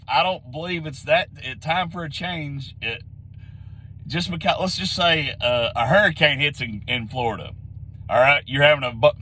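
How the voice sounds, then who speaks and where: A man with a somewhat high-pitched voice rants bluntly and repeats himself for emphasis. He sounds a little hoarse, like he is getting sick. A faint background hum sits under the recording. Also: a bit bright, poor audio. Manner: blunt, repetitive, heated. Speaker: sports commentary vlogger. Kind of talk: opinionated rant to camera.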